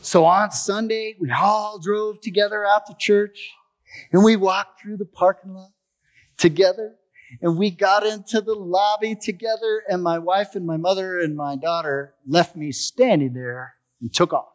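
Expressive man telling his recovery story. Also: high voice, measured pace. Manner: storytelling, expressive, acts out dialogue. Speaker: testimony speaker. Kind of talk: personal recovery testimony.

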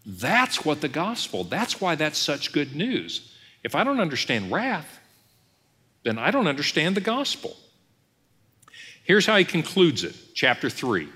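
A man's voice: on the high side, a little slow, husky. A man preaching a sermon as pastor, acting out imagined dialogues as he teaches. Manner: animated, acts out imagined voices and dialogues. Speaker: executive pastor. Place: church sanctuary. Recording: long hall reverb.

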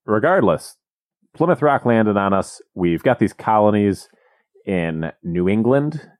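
Low-voiced man with a lively delivery. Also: measured pace, no echo, studio quality. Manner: animated, wry storytelling. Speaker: podcast co-host. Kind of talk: casual comedic chat.

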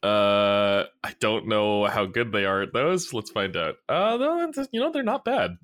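Playful man with a lively voice. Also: fairly low pitch, unhurried. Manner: playful, joking, lively delivery. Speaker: player. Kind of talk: casual tabletop game play.

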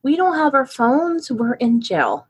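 A sulky young woman crook in a jail cell, played by a woman, scoffing and whining in a lowered, husky voice. She sounds fed up with everything. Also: very animated, measured pace, full character voice. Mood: sarcastic.

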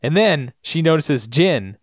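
A man's voice: on the high side, measured pace, dry recording, clean studio sound. A man co-hosting a podcast, retelling a TV episode in casual chat and acting out the lines in funny voices. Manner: lively storytelling, acts out lines in funny voices. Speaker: podcast co-host.

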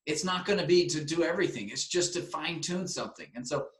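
A man hosting a talk, enthusiastically promoting his seminar in an energetic, animated way. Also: a little high, fast. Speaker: seminar host. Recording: roomy echo.

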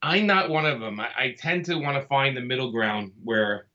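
A man's voice: medium pitch, normal speed, bright, forceful tone, dull audio. A man from Brooklyn, talking casually and easygoingly as an interview guest, often laughing as he speaks. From Brooklyn, New York. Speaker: comic artist guest.

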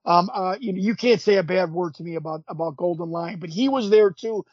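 A man in his fifties, a former pro wrestler appearing as a podcast guest, tells stories animatedly in a casual interview, acting out quotes and often restarting sentences. His voice sits high and brisk, with no room sound, on a dull lo-fi recording.

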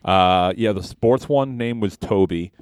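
A man co-hosting a comedy podcast, telling a halting, rambling story in casual chat. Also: fairly low pitch, clean tone, no echo, clean studio sound. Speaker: podcast co-host.

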